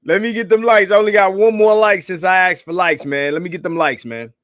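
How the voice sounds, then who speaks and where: A man hosting a casual livestream, hyped and profane, calling out shout-outs to viewers and begging for likes. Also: sits high, fairly even intonation, a little fast, dry recording, studio quality. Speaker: livestream host.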